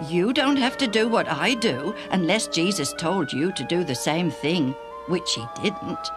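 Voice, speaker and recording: A woman voicing a kind, earnest man who speaks slowly with stammering restarts, with music behind. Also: on the low side, animated. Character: kind, earnest man once healed, eager storyteller.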